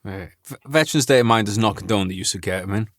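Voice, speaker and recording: A man's voice: fairly low pitch, fast talker, fairly bright tone, no echo, clean studio sound. A man hosting a podcast in a casual, joking way, swearing and laughing along. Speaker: podcast host.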